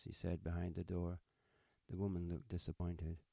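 A man narrating a story in a measured, even audiobook manner. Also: low voice, no room sound.

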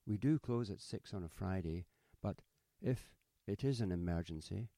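A man's voice: sits low, lively intonation, moderate pace, dark tone, no room sound, studio quality. A man reading a story, voicing an older male shopkeeper who talks in a genteel, fussy, ingratiating way. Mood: courteous.

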